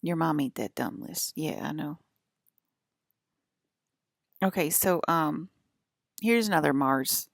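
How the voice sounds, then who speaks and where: A woman with a low voice and a gravelly edge talks straight to her audience. She rambles and swears, sounding irritated, and the sound is close and dry. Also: slow, long pauses, dry recording. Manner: profane, irritated rant. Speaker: vlogger. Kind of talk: rambling monologue.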